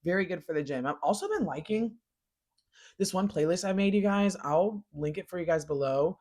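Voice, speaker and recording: A woman hosting a casual pop culture show, chatting in an animated, slangy way and gushing over what she loves. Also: lowish voice, a little fast. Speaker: pop culture podcast host. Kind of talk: casual chat.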